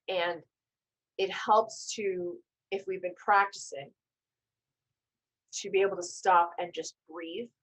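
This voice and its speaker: A woman's voice: fairly low pitch, low-quality recording. Woman coaching a storytelling class. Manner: warm-hearted coaching tone, gentle reassurances, self-corrections. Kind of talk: live online class, instructive and conversational.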